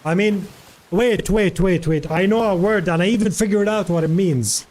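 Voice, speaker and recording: A man's voice: high-pitched, normal speed, darkish tone. Chatty, rambling male streamer. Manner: rambling, chatty, many fillers, answers chat. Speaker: live streamer. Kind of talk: casual stream chat.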